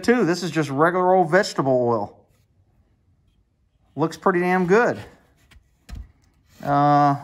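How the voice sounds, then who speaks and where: A man's voice: sits high, a bit bright. A man vlogging casually about his projects and his cat, rambling and profane. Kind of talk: casual chat. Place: outdoors by a yard and cat shack.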